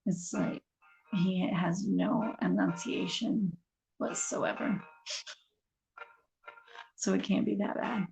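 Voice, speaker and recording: A woman's voice: medium pitch, steady tone, takes it slowly, gravelly, long pauses, darkish tone, soft background music, rough recording. A woman vlogging casually to her viewers, chatty and rambling, laughing as she talks. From Kansas City area. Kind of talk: casual chat to camera.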